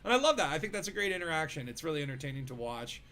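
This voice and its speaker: A man hosts a relaxed gaming stream, talking in loose, meandering sentences full of "like" and "you know." He narrates what he is doing in the game as he goes. His voice sits a little on the higher side. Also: rapid-fire, background noise. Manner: rambling, filler-heavy, chatty; narrates own gameplay. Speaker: streamer host. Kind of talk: casual gaming stream chat.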